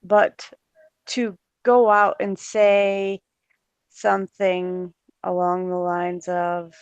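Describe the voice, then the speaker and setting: A man's voice: sits high, level tone, slow pace, clear, resonant tone, no room sound. A man on a livestream, bitterly and sarcastically ranting with some swearing. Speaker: livestream co-host. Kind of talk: angry livestream rant.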